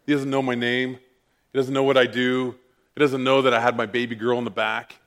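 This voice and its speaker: A man preaching, telling a personal story with lively, self-mocking animation. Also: medium pitch, creaky. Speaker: pastor. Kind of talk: sermon storytelling.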